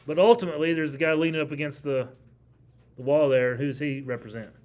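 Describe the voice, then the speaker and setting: A man's voice: on the high side, steady tone, brisk, darkish tone. A man teaching a history class in a classroom. He lectures in a conversational, emphatic way and keeps putting questions to his students.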